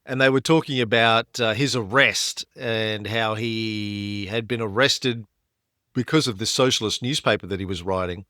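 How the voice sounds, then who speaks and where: A man co-hosting a history podcast, telling the story in a lively way and rising in pitch when he stresses a point. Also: normal speed, no room sound, studio quality. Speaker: podcast co-host.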